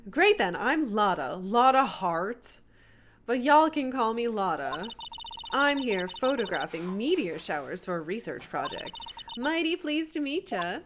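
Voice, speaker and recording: A woman's voice: a little high, sing-song, unhurried. A woman reading a brash young Southern woman photographer in a folksy put-on Southern drawl, with game music behind. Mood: friendly. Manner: loud folksy drawl, boastful.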